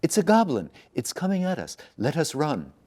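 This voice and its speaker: A man's voice: wildly swooping pitch, normal speed, a little mellow. A man voicing a frightened young novice monk who screams in alarm in a storybook reading. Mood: panicked. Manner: shrill screaming. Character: young male novice monk, easily terrified.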